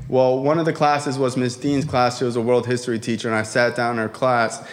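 A man's voice: mid-range voice, flat delivery, brisk. A man telling a personal recovery story to a live audience, in a casual, profane, slangy way with frequent fillers. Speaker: speaker sharing a recovery story.

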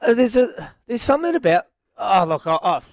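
A man with a New Zealand accent co-hosting a casual morning radio show, excitable and quick to exclaim. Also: high-pitched, no room sound. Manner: excitable, exclaiming, restarts often. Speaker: radio co-host.

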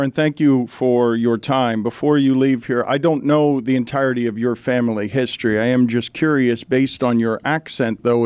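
A man hosting a talk radio show, asking careful, gentle questions of a guest. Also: medium pitch, dry recording.

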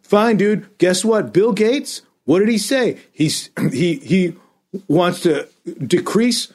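A man's voice: high voice, animated, slow pace, darkish tone. A man on a podcast, a comedian ranting and swearing in exasperated casual chat. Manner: self-described comedian. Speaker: podcast co-host.

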